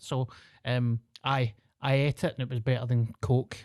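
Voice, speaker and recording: A man's voice: medium pitch, little pitch movement, normal speed, darkish tone, no echo, clean studio sound. A Scottish man in his thirties with a Glasgow accent, hosting a podcast in sweary, self-mocking casual chat. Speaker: podcast host.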